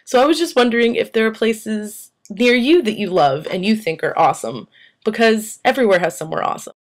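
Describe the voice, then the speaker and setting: A woman's voice: fairly high pitch, animated, brisk. A young woman talking casually to viewers in a vlog, enthusiastic and asking them questions. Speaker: vlogger.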